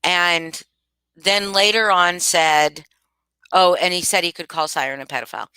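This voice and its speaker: A woman's voice: on the low side, normal speed, pushed and bright, smooth, no room sound. A woman talking casually to her live chat, emphatic and repeating her points with many restarts. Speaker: livestream commentator. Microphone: home streaming mic.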